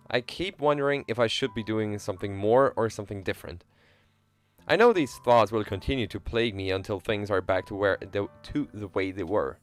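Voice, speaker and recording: Playful young male streamer reading a game. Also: fairly low pitch. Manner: playful, joking, chats with viewers. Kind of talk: live reading of a visual novel.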